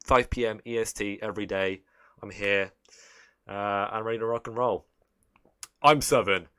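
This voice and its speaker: A man's voice: lowish voice, moderate pace, pushed and bright, clear, resonant tone. A man hosting a live stream, chatting casually in a rambling, joking, profane way.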